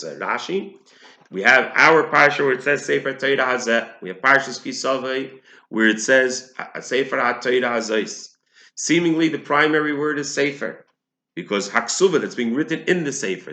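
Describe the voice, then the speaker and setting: A man's voice: medium pitch, animated, normal speed, pushed and bright, echoey room. A man giving a lesson on a religious text, explaining it step by step, often restarting and restating his points. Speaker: Torah teacher.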